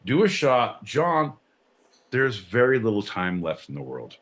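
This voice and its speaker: A man's voice: sing-song, unhurried. A man co-hosting a live podcast, joking and swearing in casual banter with big swings in his voice. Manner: profane, jokey, loud swings in pitch. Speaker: podcast co-host.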